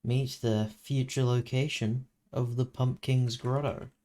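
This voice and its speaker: A man's voice: mid-range voice, flat delivery, a little slow, warm tone, a little hiss or hum, poor audio. A man narrating his own gaming vlog in a playful, jokey salesman manner. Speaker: Minecraft server video creator.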